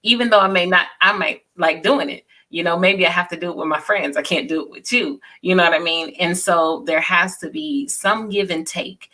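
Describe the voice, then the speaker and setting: In a casual chat, a guest in her forties shares personal stories, her low voice carrying a bright, forward edge. She speaks earnestly at a moderate pace with few pauses, often checking in with "you know."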